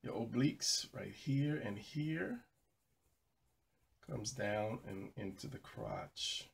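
A man narrating a drawing tutorial while he sketches, low-key and sleepy from an early start. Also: very animated, slow, gravelly, slightly rough. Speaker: drawing instructor.

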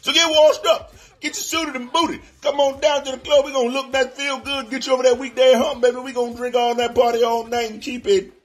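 A man's voice: little pitch movement, brisk. A man voicing a brash, trash-talking male wrestler who hypes his club in a profane, boastful promo. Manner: profane, boastful, with wild pitch swings.

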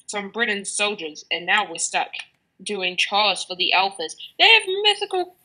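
A woman's voice: mid-range voice, big pitch swings, moderate pace, bright, forceful tone, poor audio. A young woman playing a gallant, mock-heroic musketeer in an improvised online game role-play. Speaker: player voicing a musketeer in an online animal game.

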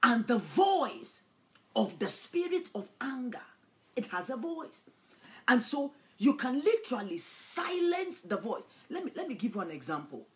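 A woman preacher giving a dramatic sermon, swinging from hushed storytelling to loud declarations. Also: a little high, very animated, measured pace.

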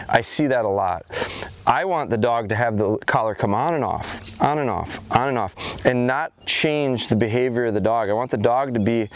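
A middle-aged man, a dog trainer, talking through an outdoor training session in a calm, plain-spoken way, recorded outside on a camera mic. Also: medium pitch. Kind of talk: casual instructional vlog. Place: outdoors in a yard.

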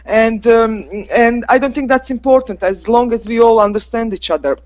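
A woman with a Croatian accent, an English teacher who talks hesitantly on a video call, pausing and restarting often. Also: fairly high pitch, muffled recording. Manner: hesitant, many pauses and restarts, laughs softly. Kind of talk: casual video-call discussion.

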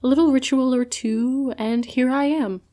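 A woman voicing a menacing young male villain who taunts slowly and coolly, read in a storybook. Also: high-pitched, steady tone, mellow, pitched above the performer's own voice, close to an everyday voice. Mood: taunting.

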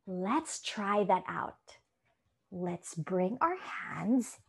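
A woman's voice: medium pitch, sing-song, very slow, vocal fry, slightly rough. A woman from the Philippines leading a children's yoga class, giving encouraging, sing-song instructions and asking questions. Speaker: kids' yoga teacher.

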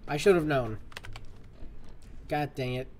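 A streamer gives live commentary on a game he's playing, joking and sounding exasperated as he talks to the game itself. His voice is fairly high and his pace slow.

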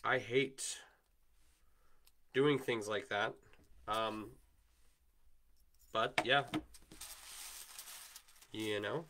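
A man with a Wisconsin accent hosts a livestream, rambling casually as he makes chainmail and answers viewer comments. His voice is on the low side and sharp, with a steady tone, and he speaks extremely slowly with frequent pauses. A little hiss or hum is audible.

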